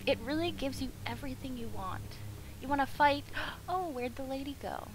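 A woman streaming a video game, chatting and joking excitedly with her viewers. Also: sits high, normal speed, a little hiss or hum, poor audio. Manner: excitable, jokey, chatty with chat. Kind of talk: casual gameplay commentary.

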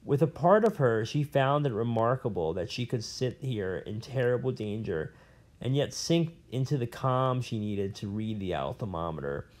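A man's voice: medium pitch, lively intonation, moderate pace, darkish tone. A man reading a novel aloud in a plain way, with small slips and restarts. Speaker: reader.

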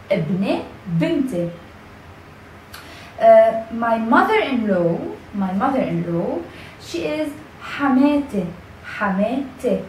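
A woman with a Lebanese accent, a native Arabic speaker, giving a casual video lesson, patient and repeating words slowly with many fillers and restarts. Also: on the high side, a little mellow. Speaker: language teacher. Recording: echoey room, mic at a distance, faint background noise.

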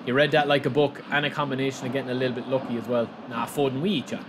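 A man hosting a gaming channel, giving excitable live commentary on his own match, shouting at the play and calling viewers lads. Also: mid-range voice, racing, background noise.

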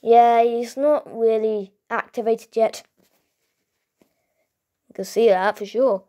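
A woman with a fairly high voice improvises a toy role-play. She drawls her lines slowly and playfully, with excitable bursts. The tone is loose and homemade. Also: muffled recording. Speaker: toy video performer.

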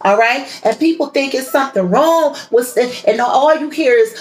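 A woman's voice: high voice, moderate pace, few pauses, low-quality recording. Blunt, profane woman reading tarot. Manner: blunt, profane and preachy, with many repeats. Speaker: tarot reader and channel host. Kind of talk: tarot reading monologue to viewers.

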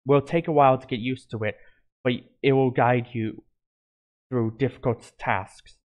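A man reading a calm young wolf hero. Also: medium pitch, a little slow, phone-quality sound, close to an everyday voice. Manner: calm, steady.

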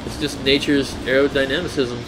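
A man's voice: medium pitch, level tone, a little fast, noisy background. A young man casually commentating a video game with a friend, joking and laughing often. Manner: joking, laughs often, trails off mid-sentence. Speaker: gameplay commentator. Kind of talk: casual let's-play banter.

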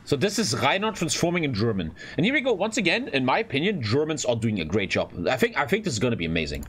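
A man hosting a reaction video, blunt, profane and excitable in casual commentary. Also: medium pitch, quick pace, slight background noise.

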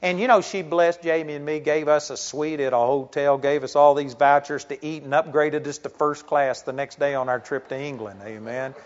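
A man's voice: a little high, fairly even intonation, moderate pace, hardly any pauses. A male pastor preaching to a congregation in a conversational sermon style, full of rhetorical questions and personal stories. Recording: dull lo-fi sound.

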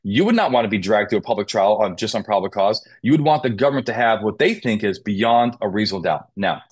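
A man's voice: on the low side, expressive, quick pace, slightly rough. A man on a police podcast who explains legal points with rhetorical questions and acted-out quotes. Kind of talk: conversational interview. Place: Las Vegas.

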